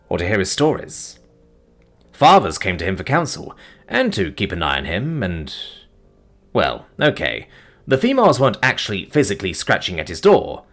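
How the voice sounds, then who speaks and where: A man narrating a science-fiction story in an expressive storytelling manner. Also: fairly low pitch. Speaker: audiobook narrator.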